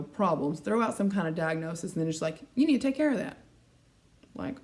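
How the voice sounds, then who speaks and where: A woman's voice: lowish voice, darkish tone. A woman in her thirties, talking casually in a vlog, retelling conversations with frustration and acting out both sides. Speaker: weight-loss vlogger.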